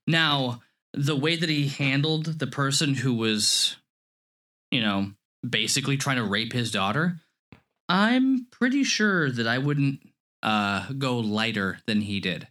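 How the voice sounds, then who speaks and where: Chatty man telling a lively story. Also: mid-range voice, slow pace. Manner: animated storytelling, laughs often. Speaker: podcast co-host. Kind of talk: casual movie review chat. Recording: lo-fi podcast audio.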